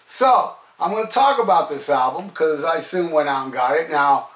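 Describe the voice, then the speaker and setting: A middle-aged man rambles excitedly about a record, cursing now and then. His voice sits a little high, and he sounds set back from the mic in an echoey room. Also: normal speed. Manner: enthusiastic, rambling, swears freely. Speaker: metal album reviewer. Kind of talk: casual rambling review. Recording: roomy echo, distant from mic.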